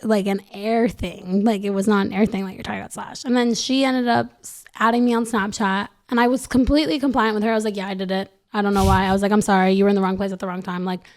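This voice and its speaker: A woman's voice: medium pitch, fairly even intonation, fast, hardly any pauses. Young woman rambling with constant "like". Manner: rambling, fills every phrase with "like". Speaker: podcast guest. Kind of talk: casual storytelling.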